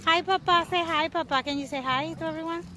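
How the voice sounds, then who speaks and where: A mother vlogging outdoors at a farm, talking slowly to her toddler in coaxing baby talk and making animal sounds. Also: extremely high pitch. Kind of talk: casual vlog narration while talking to a toddler. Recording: noisy outdoor camera audio. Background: outdoor noise and animals.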